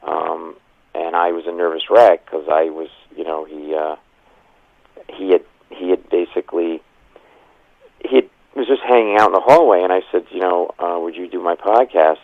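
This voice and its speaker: A man's voice: low voice, gravelly, no room sound, phone-quality sound. A man in his fifties, a comedian, telling stories in an interview and acting out the voices of people in them. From Providence, Rhode Island. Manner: fast anecdotal storytelling with acted-out quotes and laughs. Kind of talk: animated storytelling interview.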